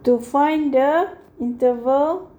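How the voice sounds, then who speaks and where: A woman with a high voice walks through a math lesson at an unhurried, careful pace. She keeps stopping to check in with "okay" and fixes her own slips as she goes, patient and methodical throughout. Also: dark tone, highs cut off. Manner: slow and patient, repeats "okay" often; corrects herself mid-sentence. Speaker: math teacher.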